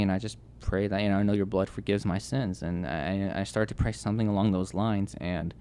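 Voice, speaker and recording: A young man telling his personal testimony as a podcast guest, earnest and halting, with many restarts and fillers. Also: fairly low pitch, a little mellow, clean tone.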